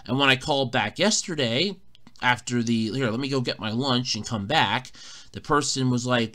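A man's voice: medium pitch, moderate pace, bright, forceful tone. A man hosting a casual solo podcast, telling an exasperated, swearing story, recorded in a borrowed room at a fire company. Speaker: podcast host.

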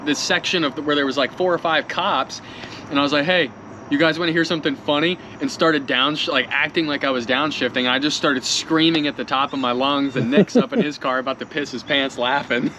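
A man's voice: a little high, steady tone, fairly quick, pushed and bright, a little hiss or hum. A man co-hosting a car vlog who jokes and chimes in during casual chat. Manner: joking, chiming in. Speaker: co-host of car channel.

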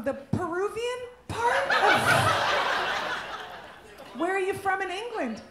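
A woman's voice: very high-pitched, animated, unhurried. A woman comedian doing stand-up crowd work on a club stage, brash and teasing, laughing often. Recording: echoey club with loud noise.

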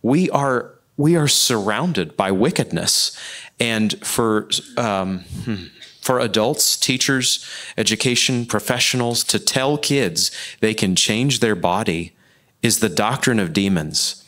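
Brief: man, lowish voice, earnest panelist at a church Q&A, impassioned, restarts and repeats phrases. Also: slow pace, a bit bright.

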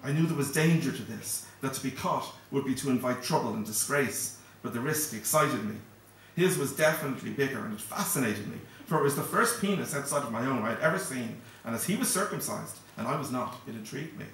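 A male author reading his novel aloud at a live event in a steady, measured first-person narration. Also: mid-range voice, a little hiss or hum. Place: event hall. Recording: echoey hall, distant mic.

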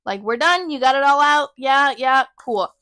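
A woman quoting a calm coworker trying to end an argument, in a soothing, placating tone. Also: high voice, moderate pace, no echo, clean studio sound.

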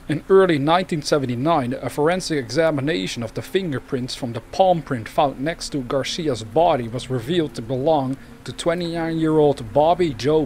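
A man's voice: a little high, darkish tone, slight background noise. A man hosting a true crime channel, reading cases aloud and breaking off into rambling, chatty asides.

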